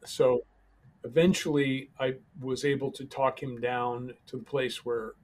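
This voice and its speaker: Calm halting man telling a story. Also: medium pitch, a little hiss or hum. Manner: calm, halting, with many pauses and restarts. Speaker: podcast guest. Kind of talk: personal storytelling in an interview.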